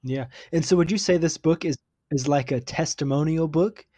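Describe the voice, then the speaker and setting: A man of middle pitch who interviews his guest in an easygoing, chatty way, with fillers such as "you know." The recording is dry and close. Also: moderate pace, warm tone, breathy edge, no echo. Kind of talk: casual interview.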